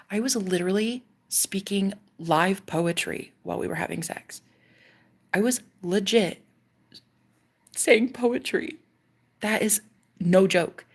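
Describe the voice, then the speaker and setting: Gravelly husky woman telling a story. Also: fairly low pitch. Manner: animated, swearing, often drops to a whisper. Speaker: vlogger. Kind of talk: casual storytelling to camera.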